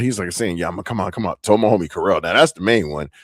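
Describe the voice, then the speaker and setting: A low-pitched young man hosts his own podcast and tells loose, slang-heavy stories with plenty of laughter. His voice sits close to the mic. The recording is dry, with no room sound. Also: rapid-fire, few pauses, no echo. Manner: animated, laughing, loose slang-filled storytelling. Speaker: podcast host. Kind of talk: casual solo podcast storytelling.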